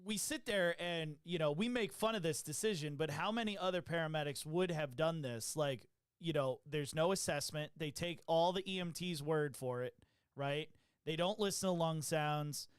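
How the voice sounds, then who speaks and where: A man's voice: on the high side, moderate pace, clear, resonant tone, no room sound, clean studio sound. A man co-hosting a live podcast over a video call, chatting casually, laughing often and steering the talk. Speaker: podcast co-host.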